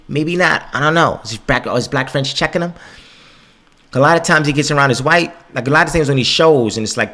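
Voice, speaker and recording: A man hosting a podcast, ranting casually and profanely and acting out other people's voices. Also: mid-range voice. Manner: profane, animated, acts out quoted voices. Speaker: podcast host.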